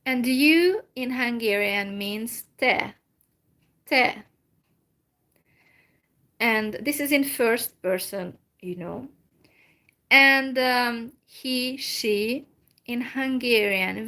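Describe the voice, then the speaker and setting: Slow, careful woman teaching phrases. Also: on the high side, sharp tone. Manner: slow and careful, repeats phrases, many fillers. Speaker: language teacher. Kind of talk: slow informal language lesson.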